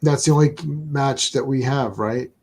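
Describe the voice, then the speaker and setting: A woman's voice: very deep voice, measured pace, darkish tone, breathy edge. A woman co-hosting a casual chat, retelling stories with lots of "I'm like" and laughter. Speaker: podcast co-host.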